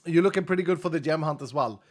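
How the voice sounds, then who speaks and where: A male streamer chatting casually and thanking viewers, his voice held back and subdued because an injured rib keeps him from pushing it. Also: quick pace. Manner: low-key, chatty, thanks viewers one after another. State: subdued, unable to push his voice from a cracked rib. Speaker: streamer reading out donations. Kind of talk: casual livestream chat.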